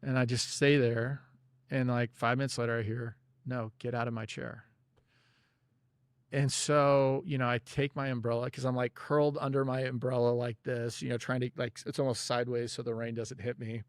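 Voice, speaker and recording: A man appears as a podcast guest, telling a personal story of faith in a relaxed, conversational way, sprinkled with "you know" and "like." He talks about God and prayer in a casual interview. His mid-range voice keeps a level tone, moves a little fast, and sounds smooth, with no room sound.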